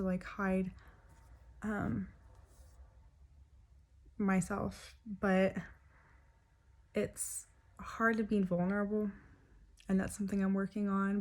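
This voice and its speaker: Young woman talking soft n hesitant to camera, pretty monotone, lots of ums. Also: mid-range voice. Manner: soft, hesitant, many pauses and fillers. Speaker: vlogger sharing a personal story. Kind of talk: personal confessional talk to camera.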